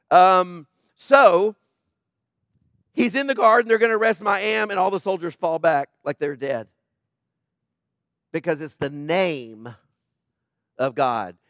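A man's voice: on the high side, dry recording, clean studio sound. A male pastor preaching a sermon, emphatic and full of rhetorical questions to the congregation.

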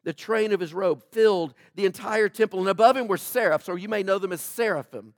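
A man preaching a sermon as pastor, swinging between loud declarations and soft joking asides and putting questions to the congregation. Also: high-pitched, a little fast, no echo, studio quality.

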